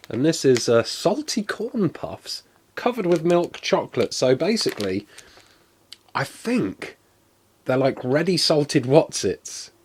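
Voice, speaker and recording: A man's voice: mid-range voice, slight background noise. Chatty man on a live stream. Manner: chatty and self-deprecating, rambling with fillers. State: coughing, something went down the wrong way. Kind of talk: casual live-stream taste test.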